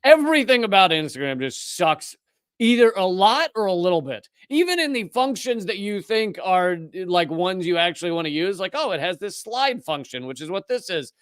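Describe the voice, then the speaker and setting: A man's voice: high-pitched, sing-song, moderate pace, a bit bright, clear, resonant tone, no echo, clean studio sound. A man hosting a live political commentary show, speaking indignantly with sarcastic asides.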